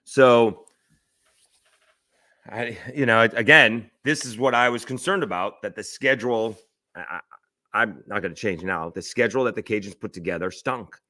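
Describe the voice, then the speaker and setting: Man, low voice, sports radio host, solo commentary, rhetorical questions, halting restarts. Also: pushed and bright, no echo, clean studio sound. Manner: thinking aloud, checking stats mid-sentence, many fillers and restarts.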